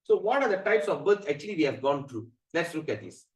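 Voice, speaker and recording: A man giving a scripture class, chanting verses slowly and then explaining them animatedly with many fillers. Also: fairly high pitch, sing-song. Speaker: spiritual teacher. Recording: echoey room, mic at a distance.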